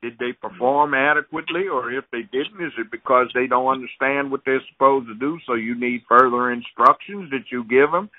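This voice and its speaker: A man's voice: medium pitch, moderate pace, hardly any pauses. Emphatic man lecturing over a phone line. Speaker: guest, judge. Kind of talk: interview talk, storytelling and advice. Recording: phone-like narrow sound.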